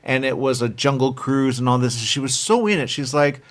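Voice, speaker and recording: A man interviewing filmmakers, chatty and rambling, telling animated stories. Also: mid-range voice, fairly quick. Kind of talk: festival interview.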